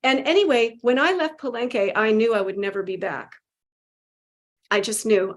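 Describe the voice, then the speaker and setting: Animated storytelling woman, high voice. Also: normal speed. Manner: emotional, laughing, acts out quotes. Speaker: guest.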